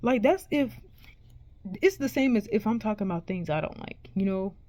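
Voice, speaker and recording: A woman's voice: medium pitch, lively intonation, moderate pace, dark tone, no echo. A woman vlogger ranting to her viewers in a casual, profane, exasperated way, rambling and restarting her sentences. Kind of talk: casual rant to camera.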